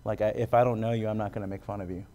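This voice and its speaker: Lowish and mellow, his voice stays fairly even in intonation while moving very fast. This Gila River, Arizona comedian performs stand-up and then gives an interview as a guest, chatting with many fillers and laughing between jokes.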